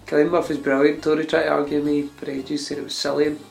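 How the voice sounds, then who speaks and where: A man's voice: fairly high pitch, flat delivery, fast talker, gravelly, a little mellow. A young man, co-hosting a podcast in casual, blunt and sweary chat. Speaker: podcast co-host.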